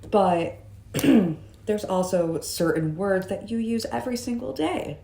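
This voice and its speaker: Slow-talking woman vlogger, roomy echo. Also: medium pitch, creaky, dark tone. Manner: chatty, musing, jokey asides. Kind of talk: casual vlog monologue.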